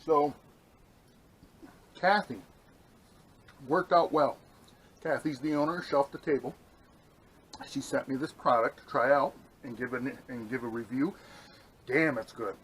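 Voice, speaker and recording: At a campsite, a man from New York state vlogs about the camp meal he's cooking, chatting with rambling enthusiasm between bites. He speaks a little slowly with a mid-range voice and frequent pauses, and the poor audio carries some hiss or hum.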